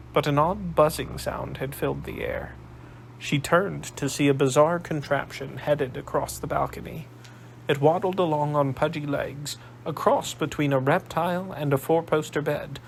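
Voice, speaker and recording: A man narrating an audiobook in a measured storytelling manner. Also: on the high side, vocal fry, slight background noise, poor audio.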